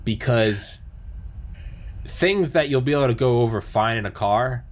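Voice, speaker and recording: A man's voice: mid-range voice, expressive, a little slow. A man chatting casually about video games, rambling with lots of fillers, restarts and swearing. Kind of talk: casual chat.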